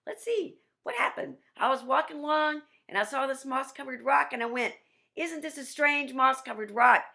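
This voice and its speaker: A woman's voice: sits high, lively intonation, moderate pace, vocal fry, pushed and bright, pitched above the performer's own voice, full character voice. A woman voicing a sly male trickster spider from a folk tale, talking in a dazed, wondering storybook manner over a video call. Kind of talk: storybook read-aloud.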